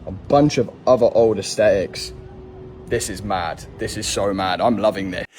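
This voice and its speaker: A man's voice: lowish voice, normal speed, a little mellow, a little hiss or hum. A man vlogging outdoors beside an old gas station, amazed and enthusiastic. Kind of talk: casual vlog.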